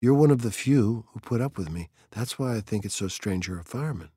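A man's voice: fairly low pitch, lively intonation, a little fast, warm tone, breathy edge, no echo, clean studio sound. A man voicing a curious, dreamy seventeen-year-old girl in an audiobook reading, with a light, wondering, playfully probing manner.

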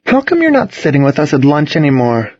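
A sweetly mocking teenage girl with a sugary, spiteful edge, as a male narrator lifts his voice high to play her. Her lines swoop up bright and lively in a dull, dry lo-fi audiobook recording. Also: fairly quick, dry recording, full character voice. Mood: coy.

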